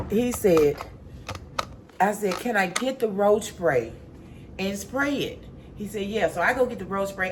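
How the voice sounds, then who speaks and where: A woman telling a story to her viewers at home, dropping to low mutters and jumping to high panicked cries. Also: slight background noise. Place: home indoors.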